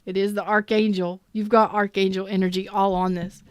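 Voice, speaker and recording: A woman's voice: mid-range voice, flat delivery, fairly quick, clear, resonant tone, no echo, muffled recording. A woman giving a live-streamed tarot reading who talks candidly and swears freely, greets viewers in the chat, and speaks with strong emotional intensity. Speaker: tarot reader.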